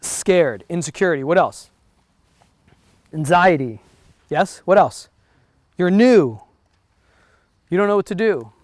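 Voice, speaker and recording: Slow and pausing often, this high, expressive, slightly mellow male voice belongs to a real estate broker teaching realtors. He has a New Jersey accent and keeps his live motivational talk chatty, checking in with listeners; there's no echo.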